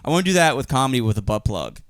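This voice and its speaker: A man's voice: medium pitch, sing-song, rapid-fire, no room sound, studio quality. A young adult man co-hosting a podcast, telling rambling, profane stories and laughing often. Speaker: podcast co-host, comedian. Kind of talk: casual chat.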